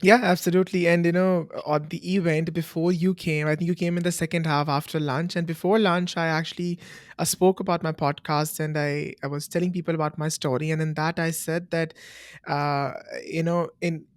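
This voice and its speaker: A woman's voice: low-pitched, fairly even intonation, normal speed, no echo, clean studio sound. A woman hosting a podcast interview, encouraging and full of affirming responses. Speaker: podcast host. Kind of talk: interview conversation.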